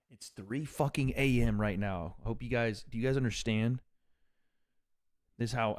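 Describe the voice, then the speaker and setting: A man's voice: mid-range voice, no room sound, studio quality. A man from Tennessee hosting a livestream from a couch at home, chatting casually and profanely with his viewers and reading out their donations. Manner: laid-back and profane, reading out chat donations. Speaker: livestream host. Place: on a couch at home, without his usual setup.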